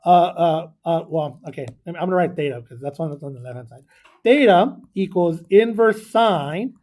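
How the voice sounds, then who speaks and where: Teaching math to a class of students on video, a man speaks at normal speed in a slightly high, expressive, darkish voice. He's chatty, often quizzing the class and drifting into tangents.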